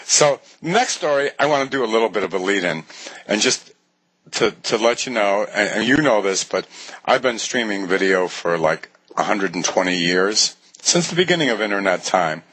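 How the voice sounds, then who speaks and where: A man's voice: fairly low pitch, lively intonation, moderate pace, fairly bright tone, husky, low-quality recording. An older man co-hosting an online talk show, telling jokey stories in casual chat from a small studio. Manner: jokey, self-mocking storyteller.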